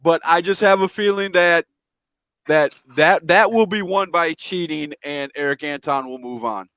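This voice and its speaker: A man with a high, bright-pitched voice hosts a casual chat, excitable and quick to repeat himself. He stumbles over words as he builds to a point. The sound is dry with no room echo. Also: smooth.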